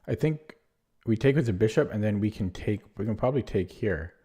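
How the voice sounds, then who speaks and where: A young man streaming from home thinks aloud through his chess moves, rambling loosely and mocking his own blunders. His slightly low voice is mellow and soft-edged yet a bit rough, caught by a desk mic, and he talks fairly quickly with lively intonation.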